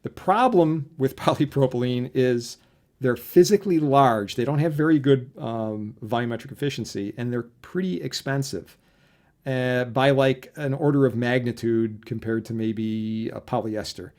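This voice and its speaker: A male professor giving a relaxed lecture, explaining things conversationally and often checking in with a quick "right?". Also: medium pitch. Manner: conversational, tags points with "right?". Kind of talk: casual recorded lecture.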